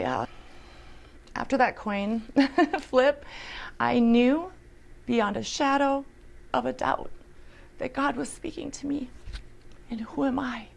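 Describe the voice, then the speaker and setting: A woman's voice: fairly high pitch, vocal fry. A woman telling an earnest, emotional personal testimony, sometimes dropping to a whisper. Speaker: storyteller.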